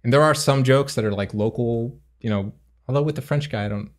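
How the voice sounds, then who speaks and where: A man hosting a casual podcast review chat, animated and laughing often. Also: medium pitch, brisk. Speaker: podcast host.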